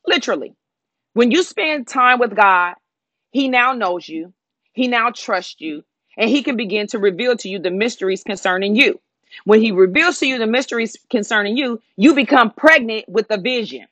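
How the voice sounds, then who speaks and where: A woman's voice: a little high, sharp tone, no room sound. Emphatic woman preaching a sermon. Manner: repetitive, declaring, emphatic.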